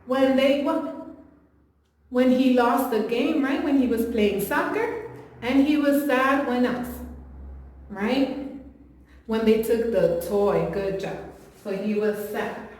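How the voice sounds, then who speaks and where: A woman teacher reading a picture book to young children, animated, gasping in surprise and quizzing them as she goes. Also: fairly high pitch, takes it slowly, pauses often. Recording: very echoey room with long reverb.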